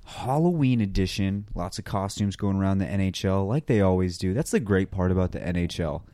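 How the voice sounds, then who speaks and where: Deep-voiced man hosting a joking podcast. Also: animated, fairly quick, warm tone, no room sound. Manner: joking and playful, hypes the segment. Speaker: podcast co-host. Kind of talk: casual chat.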